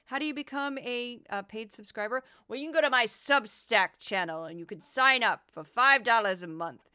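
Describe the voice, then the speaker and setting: A bright, crisp-voiced woman hosting a commentary podcast. She talks animatedly, now and then slipping into goofy put-on voices. The sound is dry and close. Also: a little high, normal speed, hardly any pauses, dry recording. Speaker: podcast host.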